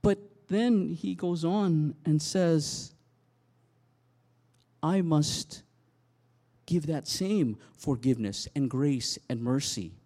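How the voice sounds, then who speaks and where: A man preaching a sermon, telling a Bible story with animated storytelling and dramatic swings in loudness. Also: a little high, slow pace, pauses often. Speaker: pastor.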